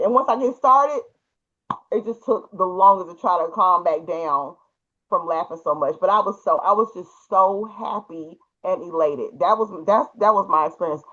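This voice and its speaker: High, bright-voiced man telling a story. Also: highs cut off. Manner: animated, laughing through the story. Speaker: podcast co-host. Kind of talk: casual storytelling chat.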